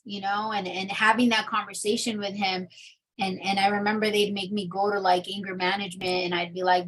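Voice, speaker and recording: A woman's voice: mid-range voice, brisk, a bit bright, poor audio. A young adult woman telling her personal testimony in an interview, candid and full of fillers. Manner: candid storytelling with many fillers. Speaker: interview guest.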